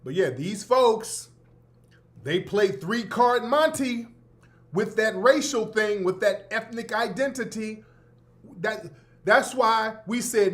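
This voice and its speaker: A man's voice: sits high, expressive, a little slow. A man hosting a radio show, giving brash, sarcastic commentary full of slang and repeating his points for emphasis. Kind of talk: opinionated talk-radio commentary.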